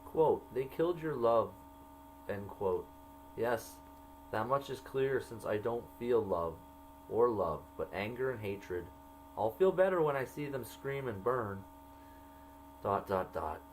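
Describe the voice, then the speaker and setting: A man slowly reading entries from his own jail journal aloud, marking each quoted line by saying quote and end quote. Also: medium pitch, expressive, a little hiss or hum, rough recording.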